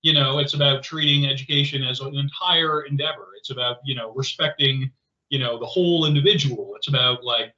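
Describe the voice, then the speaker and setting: A man co-hosting a podcast, chatting casually in an animated, rambling way with lots of fillers. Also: mid-range voice, a little fast. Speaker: podcast co-host. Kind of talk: casual conversational chat. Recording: roomy, slightly dull podcast audio.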